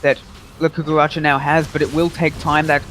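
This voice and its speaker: Brief: male esports caster, energetic play-by-play, slightly raised pitch, light background hum. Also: fairly quick. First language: English. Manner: energetic play-by-play, excited at big moments. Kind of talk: live game commentary.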